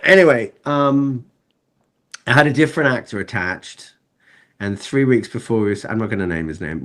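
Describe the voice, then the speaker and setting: A man, a film director, telling stories in a casual interview and acting out the people in them. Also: mid-range voice. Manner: animated storyteller who acts out other people.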